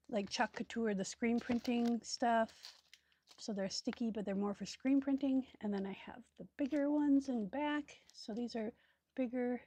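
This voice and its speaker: A woman's voice: on the high side, mellow, husky. A woman hosting a crafting video, chatting casually and thinking aloud with many ums and asides as she sorts supplies. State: hiccups. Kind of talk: casual crafting tutorial chat.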